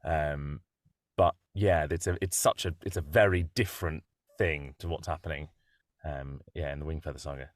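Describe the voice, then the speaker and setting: A man, a voice actor guest, talking slowly and hesitantly in a casual interview. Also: very deep voice, fairly even intonation, no room sound, clean studio sound. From United Kingdom. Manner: slow, hesitant, thoughtful.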